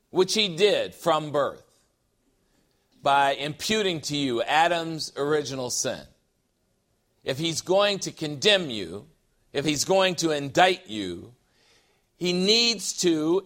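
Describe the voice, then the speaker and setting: A middle-aged man preaching a sermon, animated and full of joking asides and rhetorical questions. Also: fairly high pitch. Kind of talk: sermon with humor.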